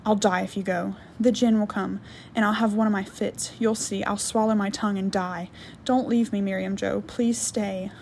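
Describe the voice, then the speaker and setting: A woman's voice: medium pitch, fairly even intonation, normal speed, gravelly, a little mellow, slight background noise, close to an everyday voice. A woman reading an audiobook, voicing a bitter, controlling mother who mocks and pleads. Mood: pleading. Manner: accusing, mocking, then pleading.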